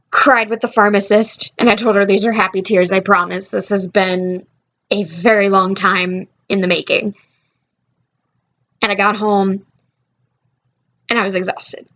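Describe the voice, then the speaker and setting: Slow, heartfelt young vlogger, lo-fi sound. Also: medium pitch, fairly bright tone. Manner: heartfelt, rambling, with many fillers and restarts. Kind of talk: casual personal storytelling.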